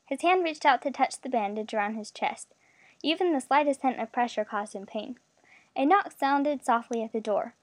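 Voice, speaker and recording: A woman narrating a story aloud in an expressive, steady reading voice. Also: fairly high pitch, no room sound.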